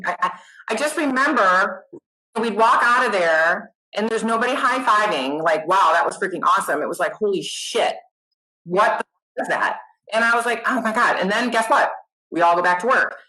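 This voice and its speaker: Bright lively woman telling her story. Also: mid-range voice, a little fast, rough recording. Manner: animated, self-deprecating, swears casually. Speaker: nurse educator guest. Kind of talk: casual interview chat.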